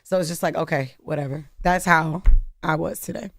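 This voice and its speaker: A woman from Maryland with a deep, raspy voice, co-hosting casual morning radio banter in a studio, animated and quick to laugh. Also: no echo, faint music behind. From Maryland, USA. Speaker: radio co-host. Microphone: studio microphone.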